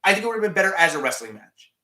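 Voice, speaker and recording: Rambling man with a higher voice. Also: sing-song, very fast, sharp tone, reverberant. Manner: rambling, many restarts and fillers, reads chat questions aloud. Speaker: live stream host. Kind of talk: casual live stream chat.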